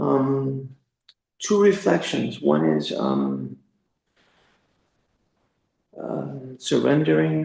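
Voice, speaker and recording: A man's voice: mid-range voice, gravelly, a little mellow. A man sharing a hesitant personal reflection with the class, full of restarts and fillers, growing emotional. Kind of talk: halting spoken reflection. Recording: very echoey, roomy sound.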